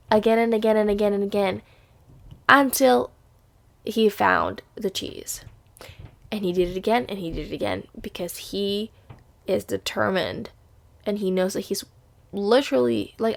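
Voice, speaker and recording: A woman's voice: mid-range voice, unhurried, creaky, long pauses. A woman in her twenties talking straight to camera in a chatty, upbeat vlog, often restarting her sentences. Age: 20s. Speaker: vlogger. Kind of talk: casual vlog monologue.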